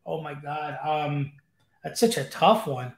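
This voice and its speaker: Man, interview guest, enthusiastic, rambling, fairly high voice, echoey room, video call. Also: measured pace, gravelly. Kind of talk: casual interview chat. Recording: roomy echo.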